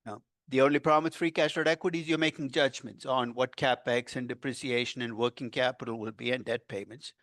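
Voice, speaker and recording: An older male finance professor giving a university lecture, animated and quizzing his class, stressing key words as he explains. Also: mid-range voice, brisk, few pauses, no room sound. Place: lecture room.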